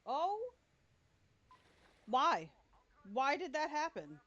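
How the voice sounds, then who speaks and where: A woman's voice: sits high, big pitch swings, extremely slow, a bit bright, muffled recording. Swearing, jumpy woman game streamer. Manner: startled, swearing often, laughing between lines. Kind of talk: live gameplay reaction commentary.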